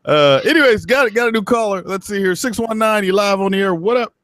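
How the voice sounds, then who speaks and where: A man's voice: sits high, fast talker, fairly bright tone, dry recording, studio quality. A man hosting a live call-in show, chatting casually, swearing and laughing often. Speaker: livestream host taking callers. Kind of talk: casual profane chat.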